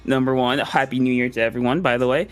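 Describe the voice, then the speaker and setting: A man's voice: medium pitch, steady tone, fast talker, clear, resonant tone, soft background music. A man giving laid-back, joking color commentary on an online video game tournament. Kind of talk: esports commentary.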